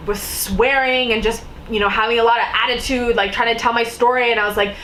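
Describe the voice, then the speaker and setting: A young woman tells a personal story to her camera in a loose, chatty way, her sentences stacked with "like" and "you know". She slips into a higher pitch whenever she acts out someone's lines. A faint hiss sits under her voice. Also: fast, hardly any pauses, low-quality recording. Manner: animated storytelling, acting out quotes in a higher voice; filler-heavy, lots of "like" and "you know". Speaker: vlogger. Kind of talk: casual storytime.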